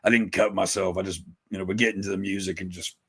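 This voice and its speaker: A man talks in a loose, rambling way, swearing freely and poking fun at himself. His voice sits a little low. He chats casually on a podcast. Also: fairly even intonation, quick pace, slightly rough. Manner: rambling, profane, self-mocking. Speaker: podcast guest, musician.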